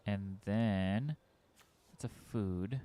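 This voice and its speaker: A man's voice: fairly low pitch, extremely slow, warm tone. A man streaming a card game, chatting casually with his viewers and muttering through his plays. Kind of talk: casual commentary while playing a card game.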